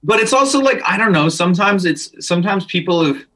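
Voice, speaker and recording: A man's voice: high voice, animated, brisk, a bit bright, poor audio. A man in his thirties from Canada, a musician guest telling stories in casual chat, rambling with many restarts and freely swearing.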